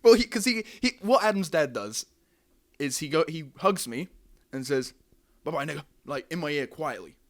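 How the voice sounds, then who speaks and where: A man's voice: fairly high pitch, big pitch swings, normal speed, fairly bright tone. Rambling young man telling a story. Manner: rambling, repeats words, laughs often. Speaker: podcast host. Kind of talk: casual storytelling chat.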